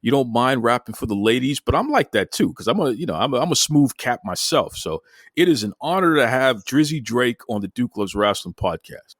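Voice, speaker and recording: A podcast host with a Boston accent and a medium-pitched voice runs a casual interview at a slightly fast clip. He's jokey and lively, stammering over his words while teasing his guest. The recording is studio quality with no echo.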